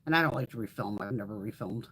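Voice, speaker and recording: Chatty, foul-mouthed woman, lively pitch. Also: fast talker, breathy edge. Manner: chatty, profane, laughs often. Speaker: beauty livestream host. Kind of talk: casual livestream chat.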